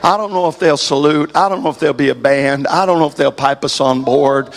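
A man preaching a sermon in church, telling a folksy story and building to shouted fervor. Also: on the high side, fairly quick, vocal fry, few pauses. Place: church service.

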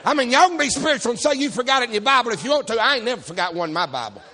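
Husky high-voiced preacher. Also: male voice, expressive, very fast, some chatter behind. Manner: folksy, shouting, calls for amen. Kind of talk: fiery preaching with stories. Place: church service.

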